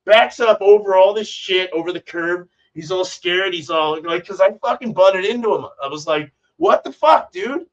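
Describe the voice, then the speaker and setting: A man's voice: sits high, moderate pace, few pauses. A man hosting a homebrewing livestream, chatting casually in a rambling, profane way. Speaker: homebrewing channel host. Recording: distant, dull lo-fi mic.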